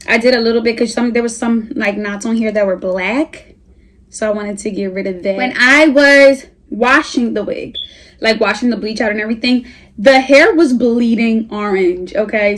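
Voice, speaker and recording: A woman's voice: fairly high pitch, normal speed. A young woman, reviewing a wig in a casual vlog at home, chatty and hyped, a little out of breath. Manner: chatty, slangy, hyped and animated. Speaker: beauty vlogger.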